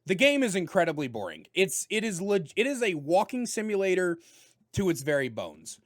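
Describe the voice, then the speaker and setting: Guy reviewing a game, loud and jokey, kinda high voice that swings all over. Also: normal speed. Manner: loud, animated and joking. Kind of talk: casual spoken game review.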